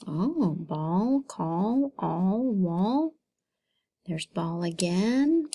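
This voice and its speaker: A woman teacher giving a recorded phonics lesson to young children, sounding words out slowly and praising them warmly. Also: medium pitch, vocal fry. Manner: slow, encouraging, sounds words out for young kids. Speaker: elementary school teacher.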